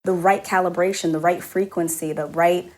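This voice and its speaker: A young adult woman, a podcast guest and new mother, telling her story in casual conversation and acting out what others said with lively jumps in her voice. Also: moderate pace. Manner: animated, acts out other people's quotes with jumps in pitch.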